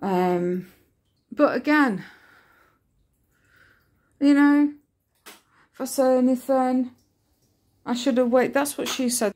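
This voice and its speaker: A woman's voice: fairly high pitch, darkish tone. Frustrated woman ranting in a vlog. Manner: frustrated, ranting, swears freely, rambling with fillers. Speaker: vlogger. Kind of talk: casual vlog monologue.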